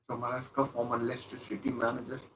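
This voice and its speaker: A man commentating live as a fan while watching a football match, muttering asides and breaking into excited outbursts. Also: mid-range voice, quick pace, a little hiss or hum, low-quality recording.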